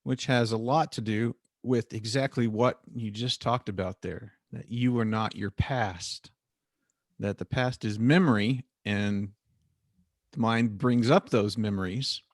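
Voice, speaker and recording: A man's voice: on the low side, steady tone, measured pace, no echo, studio quality. A man hosting a podcast interview, reflecting back and paraphrasing what his guest has said in a casual chat. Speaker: podcast host.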